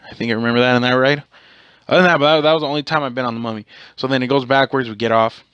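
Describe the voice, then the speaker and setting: A man's voice: mid-range voice, steady tone, rapid-fire, a bit bright, clear, resonant tone, no room sound, highs cut off. A man hosting his own podcast, telling a rambling, profane story in a casual way and correcting himself as he goes. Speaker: podcast host.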